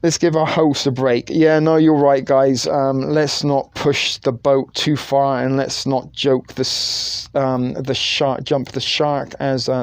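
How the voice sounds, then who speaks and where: A man's voice: medium pitch, a little mellow, no echo. Male stream host: rambling, profane, jokey, in a dry, close sound. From United Kingdom. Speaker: livestream host. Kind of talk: casual livestream chat.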